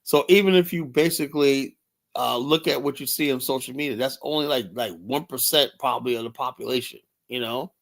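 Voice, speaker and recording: Older man hosting a stream, blunt and rambling, cusses a lot, mid-pitched voice. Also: brisk, creaky. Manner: rambling, blunt, profane, many "you know" fillers. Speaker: livestream host. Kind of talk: casual livestream talk reading chat.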